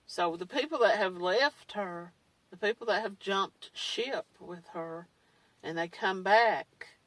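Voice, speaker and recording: A woman who vlogs as a survivor speaks slowly in a mid-range, slightly bright voice, delivering a casual monologue that's blunt and candid with mild swearing. The audio is poor and dry with no room sound, and she sits far from the mic.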